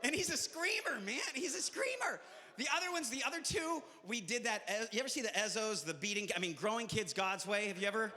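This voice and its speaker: A man's voice: high voice, expressive, a little fast, bright, forceful tone, long reverb tail, a little hiss or hum. A male comedian performing a stand-up set, punchy and chatty with the crowd.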